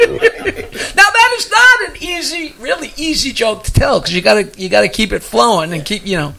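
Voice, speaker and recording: A man's voice: high-pitched, expressive, fairly quick, vocal fry, pushed and bright, slightly rough. A male comedian chatting casually as a guest and telling jokes in a rambling style, chuckling as he goes. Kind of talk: casual chat and joke telling.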